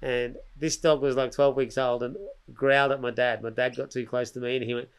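A man's voice: medium pitch, brisk, clear, resonant tone. An Australian man chats as a podcast guest, spinning a long yarn in a loose, rambling way full of slang. He keeps stopping and restarting his sentences and slips into other people's voices to act out what they said. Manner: animated, acts out other people's lines. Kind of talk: casual storytelling chat.

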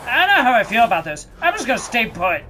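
A let's play host giving casual gameplay commentary, reacting loudly, swearing and talking back to enemies. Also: mid-range voice, big pitch swings, fast talker, slight background noise.

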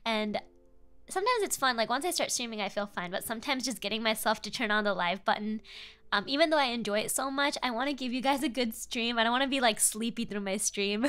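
A woman's voice: fairly high pitch, fast talker, a bit bright, smooth. A young woman streaming, chatting casually and greeting viewers by name with lots of giggles. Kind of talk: casual live-stream chat.

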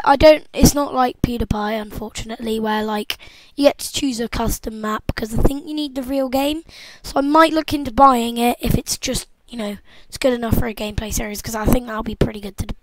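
High-pitched, excitable young gamer woman. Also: poor audio. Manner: excitable, jokey, talks to the game. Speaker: gameplay commentator. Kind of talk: casual let's-play commentary.

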